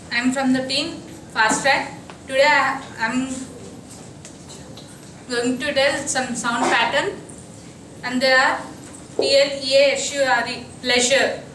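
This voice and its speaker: A woman's voice: high-pitched, a bit bright. A young woman and college student giving a hesitant classroom presentation, spelling words letter by letter, recorded from a distance in an echoey room. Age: young adult. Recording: echoey room, distant mic, faint noise.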